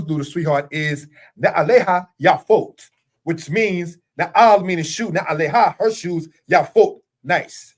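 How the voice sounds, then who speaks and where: A middle-aged man teaching a religious lesson in an earnest, repetitive way, full of rhetorical questions. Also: a little high. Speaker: Torah teacher. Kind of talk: spoken teaching monologue.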